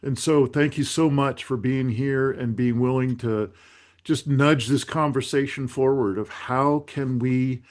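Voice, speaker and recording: A man hosts a community circle and speaks reflectively. He pauses and restarts his thoughts as he talks, in a gentle manner. His voice sits at an ordinary middle pitch. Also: steady tone. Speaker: host. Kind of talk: reflective group facilitation.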